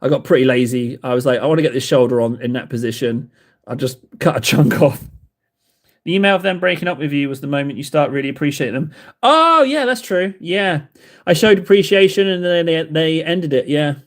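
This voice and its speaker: At his indoor hobby desk, a man livestreams while painting miniatures, rambling and poking fun at himself. His voice is a little high and a little fast, and he sounds slightly out of breath.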